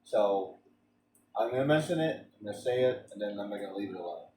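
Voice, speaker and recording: A man's voice: lowish voice, lively intonation, quick pace, echoey room, distant mic, background noise. A man streaming a game, chatting in a rambling way with frequent restarts and stammers. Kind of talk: casual rambling chat during a game stream.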